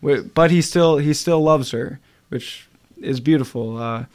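Halting young man DJ, filler-heavy. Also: a little high, a little mellow. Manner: halting and rambling, full of filler sounds. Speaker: radio DJ. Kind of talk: casual radio chat between songs.

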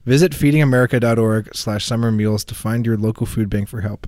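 A man's voice: lowish voice, fast talker, no room sound. Dry, reluctant male co-host. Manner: dry, reluctant, flat announcement reading. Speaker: radio show co-host. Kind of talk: casual radio banter.

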